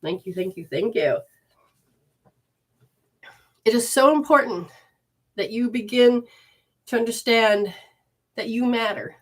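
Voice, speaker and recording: Speaking slowly with long pauses, a Michigan woman with a fairly high voice hosts a livestream from her living room. She offers informal spiritual teaching in an expressive manner and reads viewers' comments aloud with warmth.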